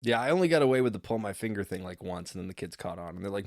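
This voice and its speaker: A man's voice: lowish voice, racing, no echo. A man co-hosting a podcast, a dad who laughs a lot and jokes around, speaking on a close microphone. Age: adult with children. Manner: laughs a lot, playful and animated. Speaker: podcast co-host. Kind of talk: casual chat. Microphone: close podcast mic with pop filter.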